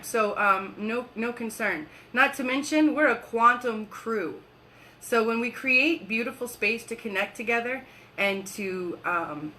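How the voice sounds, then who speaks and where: A woman hosts a live workshop in a bright, forceful voice that sits a little high. She chats casually and laughs easily, rushing her words when excited and slowing down to lead guided breaths. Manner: talks quickly when excited, laughs often; leads slow guided breathing. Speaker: wellness coach.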